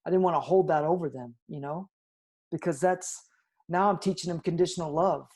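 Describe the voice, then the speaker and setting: Earnest gravelly-voiced father telling his story. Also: on the high side, fairly even intonation, fairly quick. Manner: earnest, reflective, often trails off softly. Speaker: interview guest, father. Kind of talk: candid interview storytelling.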